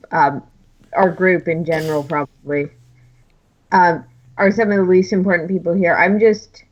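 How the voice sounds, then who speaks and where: A woman talks through her character's plans at a tabletop game. She hedges and restarts as she speaks. The sound is muffled and lo-fi. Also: on the low side. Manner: hesitant, hedging. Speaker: player. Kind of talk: casual chat at a game table. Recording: dull lo-fi sound.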